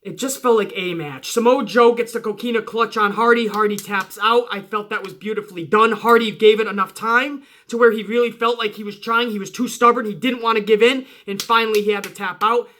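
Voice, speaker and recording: A man talks through a show review in loose, unfiltered commentary, cursing as he goes. His voice is bright and forceful, and it climbs sharply in pitch whenever he gets fired up. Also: steady tone, fairly quick, hardly any pauses. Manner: swears freely, emphatic, pitch jumps when worked up. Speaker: wrestling show reviewer, channel host. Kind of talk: casual profane review commentary.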